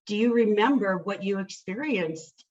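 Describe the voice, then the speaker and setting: A woman hosting a podcast, asking a gentle, tentative question. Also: mid-range voice, moderate pace, distant mic, lo-fi sound. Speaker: podcast host. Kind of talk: interview questions.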